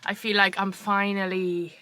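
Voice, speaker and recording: A woman's voice: medium pitch, flat delivery, unhurried, bright, forceful tone. A young Irish woman co-hosting a podcast, telling a long story in a rambling, chatty way full of fillers. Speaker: podcast co-host. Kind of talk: casual chat.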